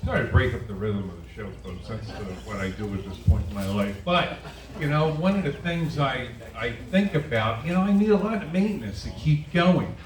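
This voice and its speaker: A man's voice: medium pitch, lively intonation, brisk. A man in his sixties doing a self-deprecating stand-up comedy set for a live audience at a winery. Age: 60s. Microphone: camera on a tripod at the back of the room. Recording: echoey room, distant camera mic, audience noise.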